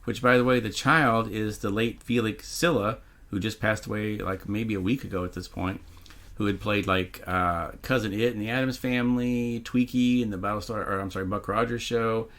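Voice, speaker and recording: A man's voice: fairly low pitch, fairly even intonation, moderate pace, a bit bright. A man co-hosting a podcast, recapping a horror film's plot in a laid-back, casual storytelling way. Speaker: podcast co-host.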